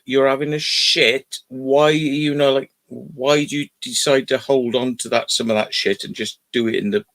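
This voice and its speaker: A man's voice: medium pitch, a bit bright. A man telling a casual story, swearing and acting out exasperated quoted remarks. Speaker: host. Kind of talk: casual chat.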